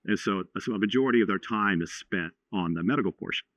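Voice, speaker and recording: A man in his forties from Texas, a podcast guest telling a story in a halting way, with many restarts and fillers. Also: on the low side, fairly bright tone, no room sound. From Houston, Texas. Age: 40s. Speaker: podcast guest, franchise owner. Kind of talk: casual storytelling. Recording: slightly dull lo-fi sound.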